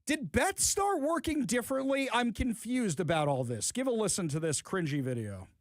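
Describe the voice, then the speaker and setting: Animated sarcastic male radio host. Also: high voice, normal speed. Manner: sarcastic, animated, talks to listeners. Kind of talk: opinionated radio commentary. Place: radio studio.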